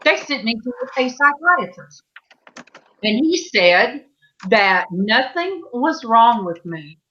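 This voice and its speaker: A woman hosting a live-stream panel, telling stories in a slow, halting, meandering way over a video call. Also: fairly high pitch, big pitch swings, sharp tone, highs cut off. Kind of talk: casual chat on a live stream.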